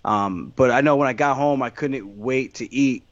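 A man's voice: mid-range voice, normal speed, no room sound. Fighter guy talking candid, rambly, restarts a lot, kinda muffled dry sound. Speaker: fighter being interviewed. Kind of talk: casual interview answers.

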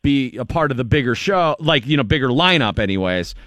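A man's voice: mid-range voice, expressive, brisk, fairly bright tone, no room sound, clean studio sound. A man hosting a radio show, chatting casually and plugging an upcoming event. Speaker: radio host.

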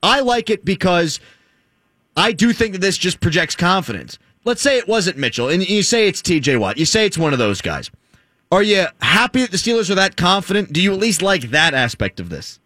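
A man hosting a sports talk radio show, teasing callers in quick back-and-forth. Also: high voice, very animated, bright, forceful tone, no room sound. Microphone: studio microphone.

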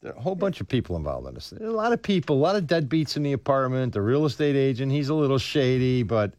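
A man's voice: medium pitch, fast talker, no echo. A middle-aged man co-hosting a police talk radio show, joking and riffing in casual banter from a studio microphone. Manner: wisecracking, animated, playful asides.

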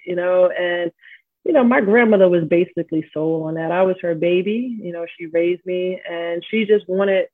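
A middle-aged woman from New York, a podcast guest telling stories in a casual, animated way, full of "like" and "you know". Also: lowish voice, a little slow, no echo. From Queens, New York. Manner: animated, slangy, heavy use of "like" and "you know". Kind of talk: casual storytelling interview. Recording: tinny phone-like line.

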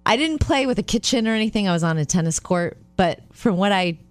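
A woman's voice: medium pitch, fast, no room sound, soft background music. A woman co-hosting a radio show, chatting casually and reading light news features with a bubbly, laughing manner. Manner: bubbly, laughs often, animated storytelling.

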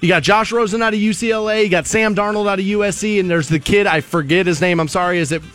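A man's voice: high-pitched, quick pace, a bit bright, faint music behind. A man hosting a sports talk show, making opinionated arguments and repeating his points for emphasis. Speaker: radio sports show host.

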